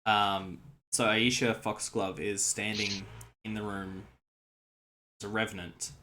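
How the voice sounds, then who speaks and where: A man narrating a tabletop game as game master, unhurried and relaxed, with hesitant fillers. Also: lowish voice, slight background noise.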